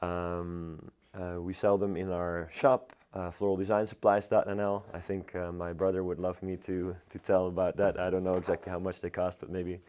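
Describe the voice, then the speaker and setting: A hoarse man teaching floristry on a live stream, talking in a halting, chatty way with lots of filler sounds. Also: deep voice, level tone, darkish tone. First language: Dutch. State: hoarse, strained voice. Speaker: florist teacher hosting a livestream. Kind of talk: live demonstration, chatty and unscripted.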